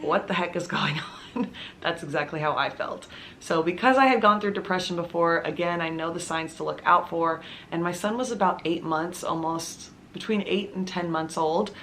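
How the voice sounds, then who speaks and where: Earnest low-voiced mom confiding on camera. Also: female voice, fairly bright tone, slight background noise. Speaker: mom vlogger telling her own story. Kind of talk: personal storytelling to camera. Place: at home with her baby nearby.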